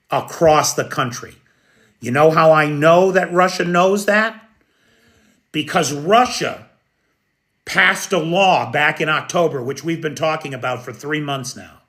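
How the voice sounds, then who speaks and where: An American man delivers live news commentary in an emphatic, opinionated way, now and then speaking straight to viewers by name. His voice sits a bit high for a man, and he talks at an unhurried, deliberate pace. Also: fairly bright tone. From United States.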